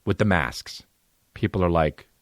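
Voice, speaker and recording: A man's voice: low voice, animated, unhurried, no room sound, studio quality. A man hosting a comedy podcast, ranting in a profane, sarcastic way. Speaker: podcast host.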